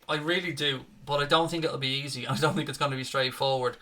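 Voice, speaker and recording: A man's voice: medium pitch, fairly even intonation, fast, bright, forceful tone. A man hosting a live football watchalong, chatting casually and reading out viewer comments with a matey, joking manner. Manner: chatty, matey, jokey, says "mate" often.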